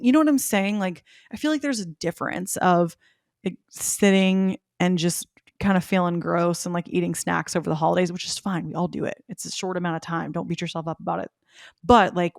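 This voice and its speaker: Young woman podcast host, lower-pitched voice, close dry mic, chatty and upbeat with frequent laughs. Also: fairly quick, dry recording. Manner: chatty, upbeat, laughs often, animated quoting. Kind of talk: casual chat.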